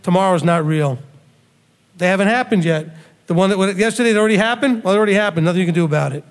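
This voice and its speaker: A man's voice: high voice, racing. A man preaching a sermon, bluntly scolding his listeners with rhetorical questions. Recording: long hall reverb.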